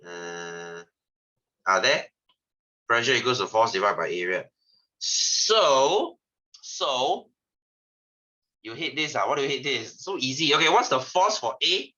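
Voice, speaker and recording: A man with a Malaysian English accent teaching a science class, teasing and lively, dropping lah and ah between questions. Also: mid-range voice, unhurried, long pauses, highs cut off. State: tired, yawning. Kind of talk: online class lesson.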